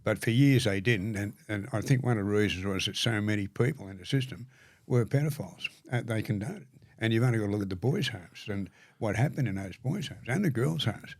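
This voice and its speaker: Older Australian male guest; earnest, stumbling storyteller, low voice, dry sound. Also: dry recording. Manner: halting, repeats words, gravely earnest. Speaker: podcast guest. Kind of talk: storytelling conversation.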